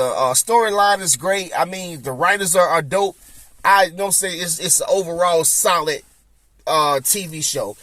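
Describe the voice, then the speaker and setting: A man's voice: fairly high pitch, fairly bright tone, no echo. A man hosting a podcast, chatting loosely and rambling with lots of fillers. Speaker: podcast host. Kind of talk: casual chat.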